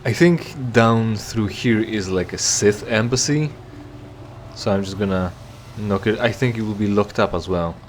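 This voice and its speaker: A man's voice: fairly low pitch, unhurried, slight background noise. A man giving casual, joking commentary while playing a game, rambling with stammered restarts. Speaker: let's play gamer.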